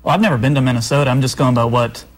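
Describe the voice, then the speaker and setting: A man co-hosts a local TV morning show in a relaxed, bantering way. He cracks dry jokes and wanders off into rambling asides. His delivery is casual, with the feel of studio chat. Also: medium pitch, racing, slight background noise, low-quality recording. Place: TV news studio.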